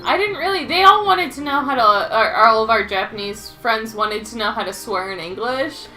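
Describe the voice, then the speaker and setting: A woman's voice: on the high side, normal speed, sharp tone, poor audio. A young woman chatting casually over a game, blunt and self-mocking, laughing often. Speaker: let's play co-host. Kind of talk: casual chat over gameplay. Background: faint game music.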